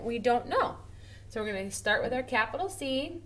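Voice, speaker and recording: A woman teacher giving a recorded grammar lesson to first graders, slow and encouraging, drawing out her example sentences expressively. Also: fairly high pitch, expressive, a bit bright, slight background noise. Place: home or classroom at a smartboard.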